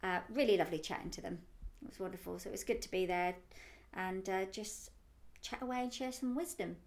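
A woman's voice: medium pitch, a little fast, gravelly. A woman co-hosting a casual podcast chat, telling stories in a chatty, giggly way. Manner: chatty anecdotal storyteller, giggly. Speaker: co-host.

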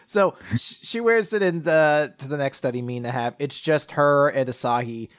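A man's voice: fairly high pitch, moderate pace, smooth. Laughing, rambling man recapping a chapter. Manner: rambling, laughs often, acts out characters' lines. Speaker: podcast co-host. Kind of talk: casual chat recapping a manga chapter.

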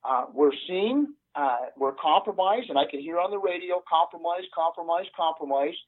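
An older man recounts his police days in an earnest, halting way, stopping often on "uh". His voice sits a bit high for a man. He comes through a thin, tinny phone line. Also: lively intonation. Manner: earnest, halting with many "uh" fillers. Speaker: retired police sergeant. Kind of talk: telling a story in an interview.

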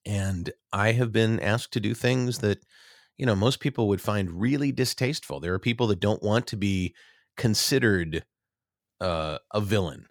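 A man's voice: fairly low pitch, moderate pace, no echo, clean studio sound. A middle-aged man, an actor, telling rambling, self-deprecating stories in a casual interview, with many restarts.

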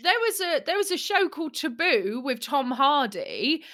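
High bright-voiced young woman. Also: big pitch swings, normal speed. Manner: candid, sweary, laughs often. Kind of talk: casual chat.

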